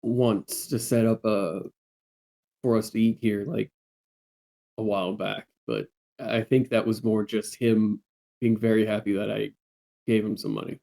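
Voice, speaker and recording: A man voicing his character, a gruff former head of military, talking haltingly and earnestly. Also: lowish voice, steady tone. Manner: halting, plainspoken, gently earnest. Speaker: player.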